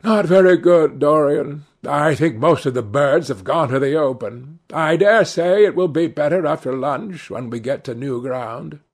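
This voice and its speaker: A man voicing a brusque, blustering upper-class hunting gentleman in a storybook reading. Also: on the high side, unhurried, few pauses. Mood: offhand.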